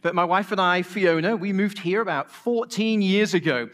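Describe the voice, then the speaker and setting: A middle-aged Englishman with a Manchester accent preaches a sermon in a conversational, joking style, restarting a few times. His voice is high-pitched and a bit bright, delivered at a moderate pace.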